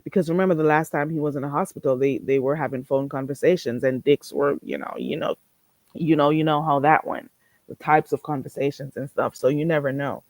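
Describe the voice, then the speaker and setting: A woman's voice: low voice, fairly even intonation, a little fast, darkish tone, dry recording. A woman hosting a casual livestream, talking bluntly, swearing freely and answering her chat. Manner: reads chat aloud and answers it. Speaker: livestream host.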